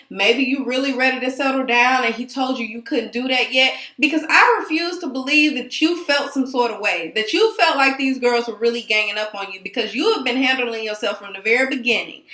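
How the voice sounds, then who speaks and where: A woman's voice: high-pitched, pushed and bright, roomy sound. A woman recapping a reality show in casual commentary, sassy and talking straight to the cast members.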